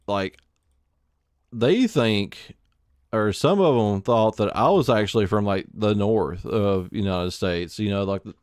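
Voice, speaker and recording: A man's voice: on the low side, clear, resonant tone, dry recording, studio quality. A man with an Alabama Southern accent, live streaming a survival game and chatting casually in a rambling, filler-heavy way. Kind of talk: casual chat while gaming.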